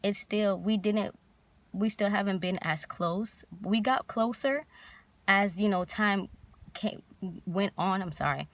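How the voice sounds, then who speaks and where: A young woman vlogger telling a painful personal story in a halting, emotional way, near tears. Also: medium pitch, no echo.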